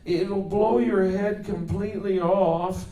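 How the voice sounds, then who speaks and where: A quick-fire parade of classic cartoon characters, pitched well above his own voice and louder. It sounds roomy and a little distant, like a convention hall picked up from across the floor. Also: steady tone. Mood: cartoony. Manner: rapid switching between character voices.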